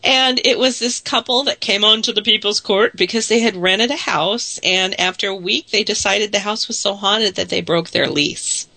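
Hoarse woman with a gravelly head cold. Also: mid-range voice, moderate pace, hardly any pauses, pushed and bright, no room sound. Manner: chatty, laughing, with stumbling restarts. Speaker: radio co-host. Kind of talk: casual chat.

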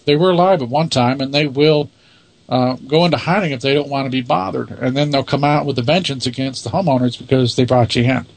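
A man's voice: mid-range voice, fairly quick, creaky. A man who leads a paranormal investigation team answers interview questions in a matter-of-fact, self-assured way.

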